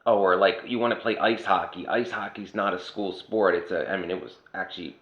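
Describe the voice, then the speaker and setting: A man's voice: deep voice, fairly even intonation, fairly quick. A man from Pennsylvania talking in a casual, sarcastic rant, blunt and swearing freely. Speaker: vlogger. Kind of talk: casual ranting monologue. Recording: roomy, dull lo-fi sound.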